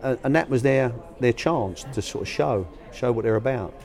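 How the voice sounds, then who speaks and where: Older man, interview guest, anecdotal, colloquial, medium pitch. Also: moderate pace, darkish tone, faint music behind. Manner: anecdotal, colloquial, acts out quoted voices. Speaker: guest, former youth academy manager. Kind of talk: storytelling interview answers.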